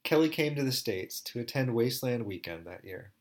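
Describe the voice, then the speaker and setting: Brief: male storyteller, calm and thoughtful, first-person narration, mid-range voice. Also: medium pitch, a little fast.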